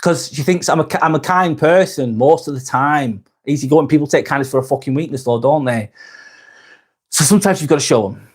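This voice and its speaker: A man's voice: a little high, fairly quick, husky. A man in his forties hosting a live vlog, chatting casually and candidly, rambling and swearing a lot. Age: 40s. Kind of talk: casual live-stream chat.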